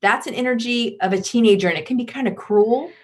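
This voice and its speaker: A woman guest on a parenting podcast, talking in a lively way and acting out examples. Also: on the high side, quick pace. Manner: animated, acts out examples. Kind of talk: podcast conversation.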